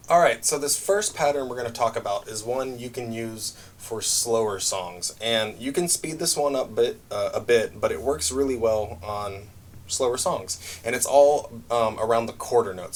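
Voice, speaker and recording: A man of middle pitch walks students through a drum pattern, talking in a loose, unhurried way with plenty of ums. A faint hiss of noise sits under the recording. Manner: relaxed, explains step by step with many fillers. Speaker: music teacher. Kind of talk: drum lesson demonstration.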